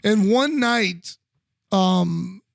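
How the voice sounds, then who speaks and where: A man, a former wrestler co-hosting a podcast, telling stories in animated, profane casual chat with lots of restarts. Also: sits high, very slow, gravelly, dry recording, studio quality.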